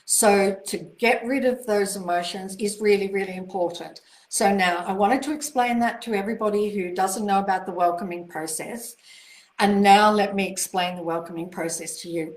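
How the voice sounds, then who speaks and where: Reassuring woman author in a roomy space. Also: medium pitch. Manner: reassuring and encouraging, gushing over viewer greetings. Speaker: author answering viewer questions. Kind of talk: live online Q&A, casual talk.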